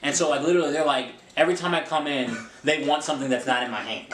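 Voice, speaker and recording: A man's voice: a little high, quick pace, a crowd in the background. A young adult man, a podcast co-host, chatting casually and acting out the voices of the people in his stories. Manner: animated storytelling, acting out quoted voices. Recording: echoey room with faint noise.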